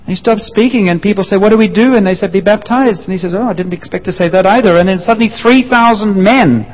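A man preaching a sermon, telling a story with lively acted-out voices. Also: high-pitched, fast talker. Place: church hall. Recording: dull sound with long hall reverb.

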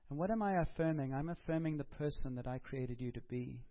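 A man's voice: mid-range voice, a little fast, hardly any pauses, muffled recording. A man preaching a sermon in a conversational way, putting questions to the congregation and taking their answers. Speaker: pastor.

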